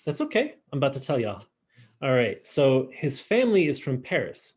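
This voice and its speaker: A man teaching an online French class, saying y'all and slowly drilling each phrase for his students. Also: mid-range voice, very animated, a little mellow, breathy edge. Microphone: video call.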